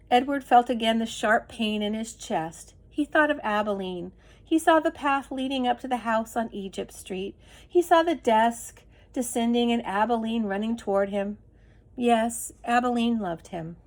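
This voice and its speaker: A woman reading a children's chapter book aloud in an expressive, measured way. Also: a little high. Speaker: reader. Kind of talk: storybook read-aloud.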